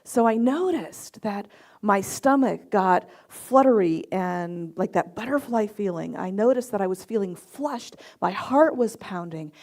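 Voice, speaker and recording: A woman's voice: medium pitch, darkish tone. A middle-aged woman minister giving a sermon with personal stories, acting out her own reactions as she tells them. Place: church service.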